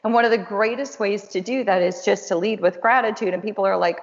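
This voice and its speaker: Talking fast in a medium-pitched voice, a woman host and counselor gives a casual, conversational webinar talk that is encouraging, chatty and self-deprecating. The recording is dull lo-fi with long reverb.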